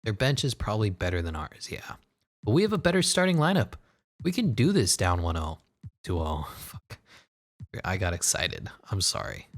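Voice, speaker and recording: Excitable man narrating a basketball game. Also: sits low, moderate pace. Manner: excitable, swearing, jokey asides and laughs. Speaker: gaming commentator. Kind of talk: casual gameplay commentary.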